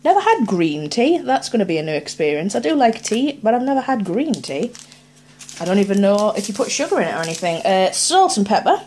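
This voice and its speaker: Lively chatty woman. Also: mid-range voice, fairly quick, slight background noise. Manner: chatty, playful, thinking aloud. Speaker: unboxing vlogger. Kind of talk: casual unboxing chat.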